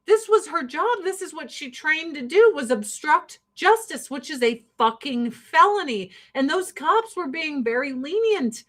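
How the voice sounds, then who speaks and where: Woman host, high voice, heated sarcastic rant, lots of swearing. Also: expressive, measured pace, few pauses, fairly bright tone. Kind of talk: ranting commentary.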